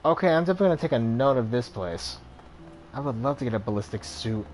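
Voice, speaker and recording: Relaxed man playing a game. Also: mid-range voice, fast talker, faint music behind. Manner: relaxed, plain, reads game text aloud. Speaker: let's play host. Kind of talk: casual gameplay commentary and reading.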